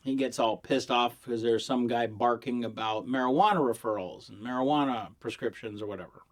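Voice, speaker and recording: A man who is high, telling stories in a loose, rambling vlog monologue, swearing and giggling as he goes. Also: brisk. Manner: profane storytelling with acted quotes. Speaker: vlogger reviewing vapes.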